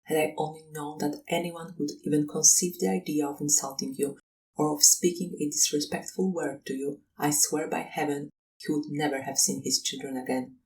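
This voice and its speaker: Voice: medium pitch, close to an everyday voice. Grieving vengeful old colonel, read by the narrator, solemn, distant faint-hiss recording. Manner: solemn, mournful. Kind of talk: audiobook reading.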